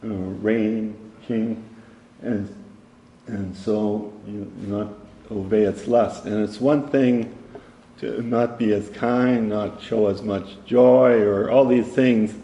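A man teaching a Bible study, halting often with fillers and reading verses aloud. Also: fairly low pitch, fairly even intonation, mellow, muffled recording, slight background noise. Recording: echoey hall with long reverb.

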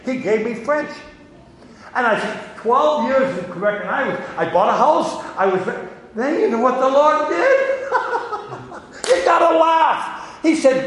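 A man's voice: very high voice, big pitch swings, measured pace, fairly bright tone, slight background noise. An older Canadian man and missionary preacher, giving a sermon testimony with a chuckling, self-deprecating storytelling manner, recorded in a large hall. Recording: echoey hall with long reverb.

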